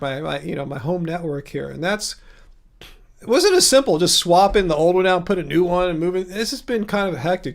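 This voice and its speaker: Male livestream host, high voice, chatty and rambling, reads viewer messages. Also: vocal fry. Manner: rambling, chatty, chuckles often while reading chat. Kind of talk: casual livestream chat.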